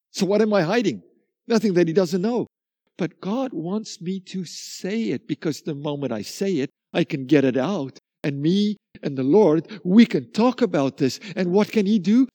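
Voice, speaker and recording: A man preaching a sermon, animated, acting out little dialogues and repeating phrases for emphasis. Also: fairly high pitch, a little slow, no echo. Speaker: pastor.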